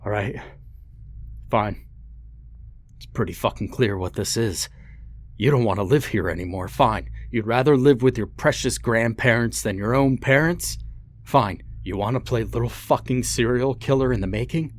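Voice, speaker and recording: A man's voice: on the low side, a little slow, long pauses, husky. A man voicing a violent, abusive father who roars and curses menacingly. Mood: seething. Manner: roaring, cursing, menacing.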